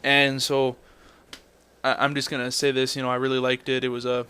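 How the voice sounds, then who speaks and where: A man's voice: mid-range voice, completely flat delivery, a little fast, bright, forceful tone, a little hiss or hum. A young man ranting in a blunt, profane way, telling a story and then commenting on his game footage. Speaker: gameplay commentator.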